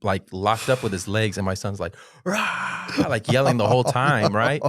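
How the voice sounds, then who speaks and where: A middle-aged man co-hosting a podcast, telling family stories in casual chat and acting out quotes by jumping high and loud. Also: brisk, dry recording, clean studio sound. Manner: animated storytelling, acting out quotes with sudden high loud jumps. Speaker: podcast co-host.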